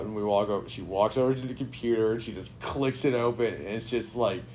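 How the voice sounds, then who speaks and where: A man's voice: medium pitch, fairly quick, hardly any pauses, a little mellow, a little hiss or hum. A man hosting a podcast, laid-back and laughing often while swearing casually. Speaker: podcast host. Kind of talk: casual chat.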